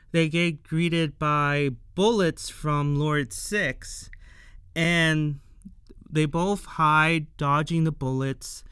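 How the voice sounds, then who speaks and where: Slow, crisp-voiced man recapping an episode. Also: on the high side, a bit bright, dry recording, clean studio sound. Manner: chatty, many fillers, asks viewers questions. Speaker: show reviewer.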